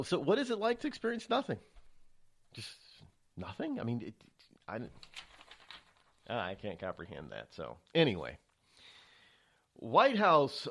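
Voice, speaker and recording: A man hosting a talk radio show, speaking in a rambling, emphatic monologue full of restarts and stammers. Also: on the high side. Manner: animated, emphatic delivery.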